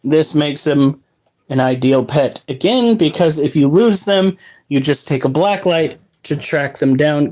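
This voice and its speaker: A man's voice: on the high side, measured pace, a little mellow. A young man chatting casually on a live stream, rambling and explaining how to care for his exotic pets.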